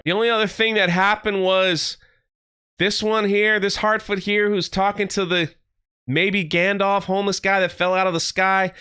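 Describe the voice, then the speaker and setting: A man hosting a casual online review, talking bluntly and sounding exasperated as he retells scenes with quick voiced asides. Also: high voice, pushed and bright, smooth. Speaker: YouTube show host reviewing a TV series.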